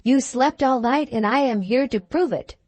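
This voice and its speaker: A woman's voice: high-pitched, normal speed, darkish tone, no room sound, voice pushed up. A woman voicing an earnest, resolute young man in a storybook, speaking up with raised delivery. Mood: urgent.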